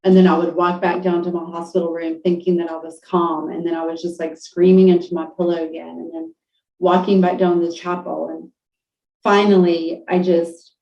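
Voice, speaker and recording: A middle-aged woman telling a deeply emotional personal story on a podcast, halting, with many fillers and restarts. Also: level tone. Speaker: podcast guest. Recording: roomy, distant, dull lo-fi audio.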